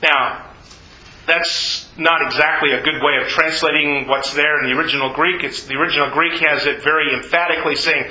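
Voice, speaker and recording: Male pastor, animated sermon delivery, high voice, roomy church acoustics. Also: fairly quick. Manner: animated preaching, acts out voices in Bible scenes.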